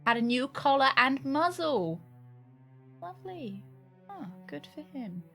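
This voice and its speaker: A woman's voice: high-pitched, sing-song, a little slow, vocal fry, bright, forceful tone, faint music behind. A woman streamer reading game text aloud, stumbling and correcting herself as she goes, with casual asides. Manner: chatty, stumbles and corrects herself mid-sentence.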